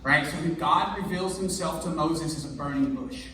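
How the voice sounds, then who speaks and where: Male pastor, high voice, lively and joking in a sermon; echoey hall, picked up from a distance. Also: moderate pace, slight background noise. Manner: energetic, conversational, jokey. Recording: echoey hall, mic far off.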